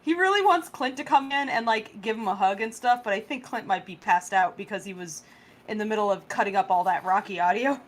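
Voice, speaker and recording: A woman's voice: medium pitch, fairly quick. A woman hosting a casual group chat on a voice call, rambling and giggling with lots of fillers. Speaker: show host and film director.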